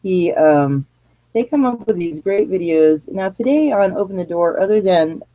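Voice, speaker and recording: A woman's voice: fairly low pitch, animated, normal speed, warm tone, no room sound, rough recording. A woman hosting a live radio show from her living room, talking in a rambling, chatty way and laughing at herself as she goes. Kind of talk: casual live radio chat.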